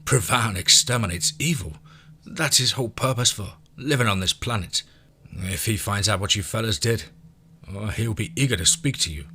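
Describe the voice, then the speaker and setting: A man's voice: on the low side, moderate pace, sharp tone, slight background noise. A man voicing a gleeful old reptilian creature. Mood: eager. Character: old scaly reptilian male creature, eager and commanding.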